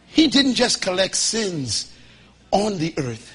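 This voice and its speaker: Speaking slowly in a husky, high-pitched, sing-song voice, this Bahamian preacher delivers a folksy, funny, emphatic sermon. He works up to shouting while calling on the congregation to answer him.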